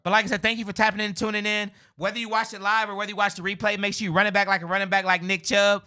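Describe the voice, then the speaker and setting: A man hosting a casual sports talk livestream, animated and chatty. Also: high voice, very fast, smooth. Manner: animated, says "bro" and "you know what I'm saying". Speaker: sports show host.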